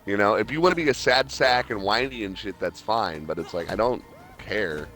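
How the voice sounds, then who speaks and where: A man's voice: fairly low pitch, moderate pace, a bit bright. A man streaming a game, chatting casually in a rambling, profane way full of fillers. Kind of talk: casual chat while gaming.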